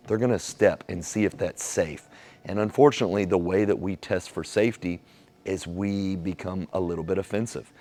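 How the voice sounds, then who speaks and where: A man giving a casual motivational talk on relationships, acting out little dialogues and softening his tone for the caring lines. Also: sits low. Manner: animated storyteller acting out quoted dialogue.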